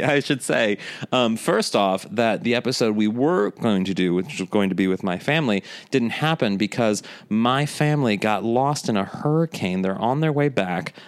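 A man's voice: mid-range voice, expressive, unhurried. A man co-hosting a podcast at home, flustered and scattered, laughing often as he chats. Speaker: podcast co-host. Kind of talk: casual chat. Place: home kitchen area.

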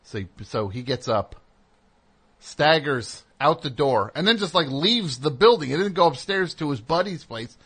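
Bright-toned guy telling a story on his show, gets loud acting out the people in it. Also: fairly high pitch, measured pace, husky. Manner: animated, acts out voices with loud outbursts. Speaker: host. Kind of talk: casual storytelling monologue.

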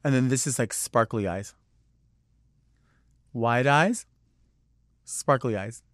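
A male podcast host talks on his own in a loose, wandering monologue, hopping from one thought to the next with plenty of fillers. His voice sits at a middling pitch for a man. The recording is dry and close, with no room echo. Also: takes it slowly, fairly bright tone. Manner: rambling, digressive, chatty with many "like"s. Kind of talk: casual solo monologue.

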